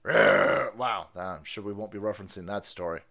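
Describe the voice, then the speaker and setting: A middle-aged man ranting through profane live-stream commentary. He laughs often and swings between loud outbursts and low mutters. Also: fairly even intonation, normal speed, creaky.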